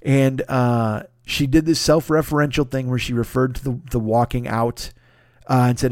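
A man who is a stand-up comedian, hosting a podcast and telling a profane story as a monologue that builds in excitement. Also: medium pitch, moderate pace, dry recording, studio quality. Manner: animated, swearing, rants with mounting excitement. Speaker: podcast host.

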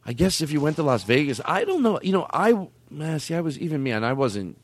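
A man hosts a loose comedy podcast, riffing and laughing as he goes. His pitch swings widely, and the recording is dry and close. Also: big pitch swings, brisk, no room sound. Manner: riffing, laughing often, trails off. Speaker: podcast host. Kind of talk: casual comedic chat.

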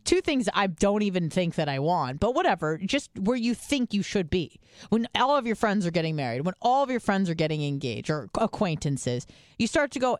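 A woman rambling through a casual podcast story, her voice smooth and resonant. She fills her talk with loose asides, recorded close and dry. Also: lowish voice, big pitch swings, fairly quick, no echo. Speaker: podcast co-host. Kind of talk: casual chat.

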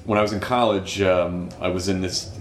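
A man's voice: low-pitched, fairly even intonation, moderate pace. A man hosting a podcast, chatting loosely, with stammered restarts. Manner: stammering, loose, laughing easily. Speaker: podcast host. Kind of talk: casual chat. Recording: roomy echo.

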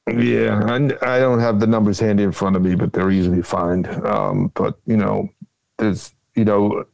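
A man, a guest political strategist, talking in a measured, explanatory way with many ums and uhs. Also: on the low side, fairly even intonation, gravelly, darkish tone, no room sound, poor audio. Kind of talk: casual political chat.

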